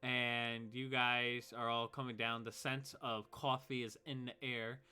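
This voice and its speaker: A man narrating as game master in a tabletop game, relaxed and loose with many fillers. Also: mid-range voice, a little slow, clean tone.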